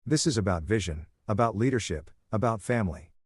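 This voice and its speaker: A man doing a cold corporate boss, low voice, measured delivery, dry storybook read. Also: lively intonation, breathy edge, no echo. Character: cold older male company boss.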